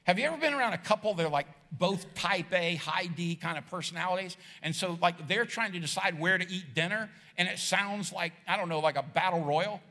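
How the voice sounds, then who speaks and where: A middle-aged pastor with a high voice preaches a casual, jokey sermon to an audience in a large church hall, speaking a little fast with few pauses. He's animated and acts out voices as he goes, and the recording carries long hall reverb.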